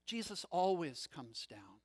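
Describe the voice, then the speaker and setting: A man preaching a sermon as a first-person story, dramatic, swinging from loud passages to hushed, low ones. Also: sing-song, measured pace. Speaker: pastor.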